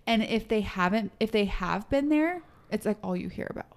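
A woman's voice: mid-range voice, expressive, normal speed. A young woman co-hosting a podcast, chatting casually, laughing often and acting out quoted voices. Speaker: podcast co-host.

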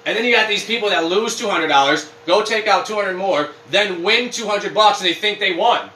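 A man's voice: sits high, fairly quick, far from the mic, slight background noise. A man co-hosting a casual podcast, rambling and swearing as he rants. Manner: rambling, profane, animated ranting. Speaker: podcast co-host. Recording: roomy echo with faint ambience.

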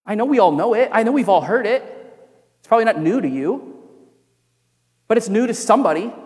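A young pastor preaches from the pulpit in a fairly high voice, with long reverb from the church sanctuary. He's earnest, pressing emphatic lines and then dropping into quiet, personal confession.

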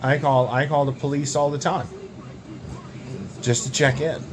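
A young man co-hosting a podcast, telling absurd tall tales in a deadpan, rambling way. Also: medium pitch, unhurried, background noise. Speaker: podcast co-host. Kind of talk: absurd comedic banter.

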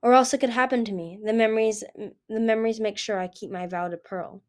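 A woman's voice: a little high, steady tone, fairly quick, a little mellow, close to an everyday voice. A woman voicing an anxious, guilt-ridden young male sea dragon who speaks in a flustered, pleading way.

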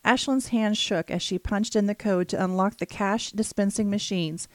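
A woman narrating an audiobook thriller in a steady, measured reading. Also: medium pitch, no room sound.

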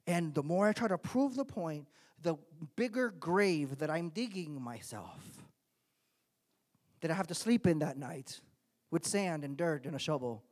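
Lively preaching man. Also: fairly high pitch, measured pace. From Miami, United States. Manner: animated preaching that swings from quiet to loud. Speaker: pastor. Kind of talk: sermon.

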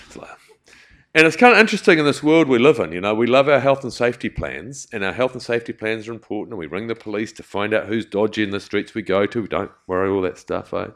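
A man's voice: fairly low pitch, fast talker, fairly bright tone. A man with a New Zealand accent giving a rambling, chatty talk about community work, full of asides. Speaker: community charity speaker. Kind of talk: storytelling talk to an audience.

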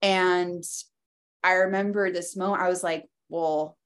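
A woman's voice: lowish voice, flat delivery, moderate pace, fairly bright tone. A woman guest in an interview, telling a personal story in a reflective way, with loose phrasing and many fillers.

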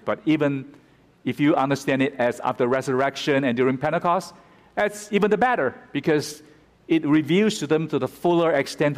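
A man preaching a sermon who explains scripture and turns dramatic when he quotes it. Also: medium pitch. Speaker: pastor. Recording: reverberant hall.

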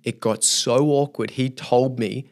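A young man, a youth leader, tells a story as a guest on a podcast, speaking a bit slowly in a mid-range voice. Lively in his telling, he acts out the thoughts going through his head.

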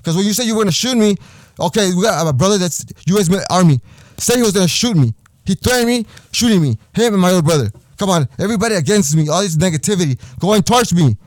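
Young man, high voice, angry profane rant, podcast host, dry close sound. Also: expressive, fast, dry recording. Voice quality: profane, heated, repetitive.

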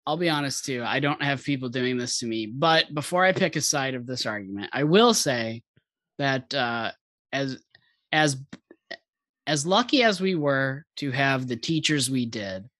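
Laughing Southern podcast host, bright voice. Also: male voice, medium pitch, expressive, unhurried, no room sound. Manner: laughs often, rambling with restarts. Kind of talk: casual chat.

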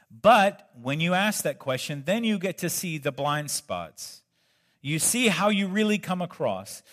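A man's voice: fairly high pitch, fairly bright tone. A male pastor preaching a sermon in a conversational way, breaking in with joking asides.

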